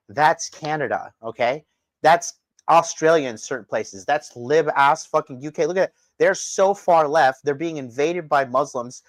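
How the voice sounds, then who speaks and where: A man's voice: a little high, no echo. A man hosting a livestream, delivering a profane, combative rant and talking straight to his chat. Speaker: livestream host. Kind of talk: ranting livestream commentary.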